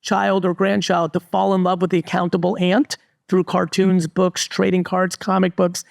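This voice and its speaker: A man's voice: high-pitched, monotone, moderate pace, vocal fry, dry recording, clean studio sound. A middle-aged man, giving a live stage talk to an audience in a blunt, emphatic way. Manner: blunt, emphatic, repeats "literally". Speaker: entrepreneur and guest speaker. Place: resort event stage before a live audience.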